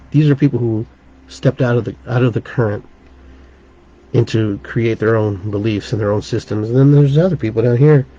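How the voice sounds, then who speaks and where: In a dull lo-fi recording with slight background noise, a man with a dark-toned, medium-pitched voice hosts his podcast. He is a shaman teacher who tells a sincere, meandering story in a relaxed way, frequently starting sentences over.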